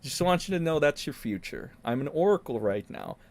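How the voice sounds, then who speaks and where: A man's voice: on the high side, expressive, fairly quick, a little mellow. A young man ranting sarcastically as a casual online commentator, swearing freely. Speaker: YouTube commentator.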